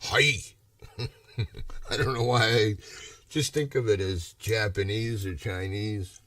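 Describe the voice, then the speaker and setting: A man's voice: lowish voice, fairly even intonation, slow pace, bright, forceful tone, no echo, distant mic. A man from Massachusetts chatting on a casual livestream, rambling and ranting with a lot of swearing. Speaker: livestream host.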